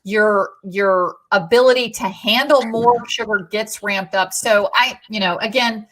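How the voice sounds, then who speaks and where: A middle-aged woman, a guest and podcast co-host, telling stories in a lively, emphatic way during a casual conversation. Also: mid-range voice, unhurried.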